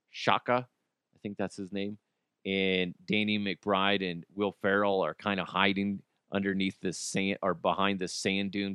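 A man's voice: low voice, bright, forceful tone, clear, resonant tone, dry recording, studio quality. A man hosting his own podcast, rambling and joking with plenty of swearing. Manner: rambling, profane, jokey. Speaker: podcast host. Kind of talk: casual solo podcast monologue.

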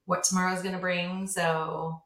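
A woman's voice: on the low side, level tone, measured pace, fairly bright tone. A woman who is a guest on a podcast, speaking earnestly and reflectively in casual conversation. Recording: roomy echo.

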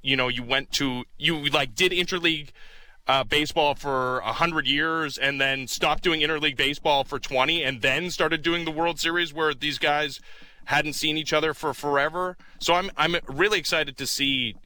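A man's voice: a little high, steady tone, normal speed, pushed and bright, a little hiss or hum. A man co-hosting casual sports talk, chatty and analytical, making long run-on points. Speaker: sports radio co-host.

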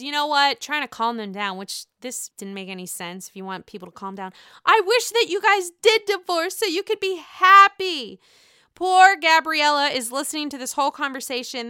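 A woman's voice: on the high side, pushed and bright, clear, resonant tone, no echo, studio quality. A woman hosting a casual, profane podcast recap of a reality show, acting out the lines of the people in it. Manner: chatty, profane, acts out quotes.

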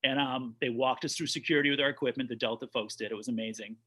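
A man's voice: medium pitch, fairly even intonation, quick pace, sharp tone, slightly rough. A man, a documentary director, telling stories in a casual interview, rambling with frequent restarts.

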